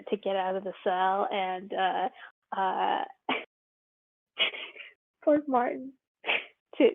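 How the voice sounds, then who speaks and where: A woman playing in a tabletop game, talking haltingly with many restarts. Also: medium pitch. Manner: halting, restarts, laughs easily. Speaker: player. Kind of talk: casual tabletop play. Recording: tinny phone-like line.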